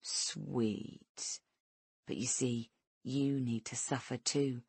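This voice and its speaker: A woman voicing a bitter female kidnapper who speaks low, slow and softly threatening. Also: vocal fry, husky, no room sound, exaggerated voice. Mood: menacing.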